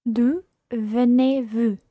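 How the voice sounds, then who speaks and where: A Scottish woman with a fairly high, mellow voice repeats phrases back in a language lesson. She speaks plainly and evenly. The sound is dry and close. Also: fairly even intonation, drawn-out words, dry recording. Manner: repeats phrases after the teacher. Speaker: lesson partner.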